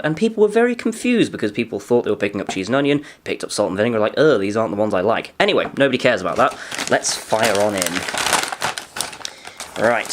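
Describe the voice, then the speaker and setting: A man's voice: lowish voice, a little hiss or hum. A young man giving a casual, dry-humoured food review, often talking while chewing. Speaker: food vlogger.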